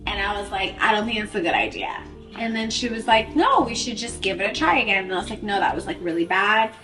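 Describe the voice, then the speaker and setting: A woman's voice: medium pitch, lively intonation, fast talker, music in the background. A woman telling a casual story, chatty and cutting in, acting out what each person said. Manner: chatty, quotes dialogue, cuts in. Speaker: vlogger telling couple story. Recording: roomy sound from a distance.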